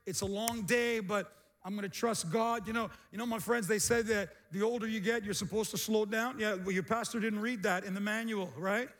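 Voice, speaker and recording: A middle-aged man preaching a sermon as pastor, energetic, with repeated phrases and calls to the congregation. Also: sits high, fairly quick. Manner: energetic, repetitive call-and-response preaching.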